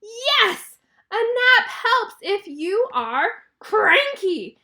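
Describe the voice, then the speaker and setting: A woman voicing a grumpy, sleepy male cartoon elephant who shouts when he is woken up. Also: very high voice, big pitch swings, very slow, pitched above the performer's own voice, exaggerated voice. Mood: yelling. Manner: shouting, startled and cranky.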